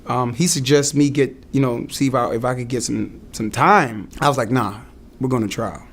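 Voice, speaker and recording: A young man earnestly recounting a hard experience in his own words, halting and restarting as he goes. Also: mid-range voice, gravelly, fairly bright tone, slight background noise. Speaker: client giving a testimonial. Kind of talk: emotional personal testimonial.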